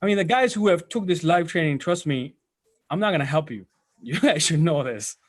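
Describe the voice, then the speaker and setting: Talking at normal speed with a fairly high voice and lively intonation, an IT instructor walks his students through software in a live session. He's casual, frequently rambling and fixing his sentences partway through.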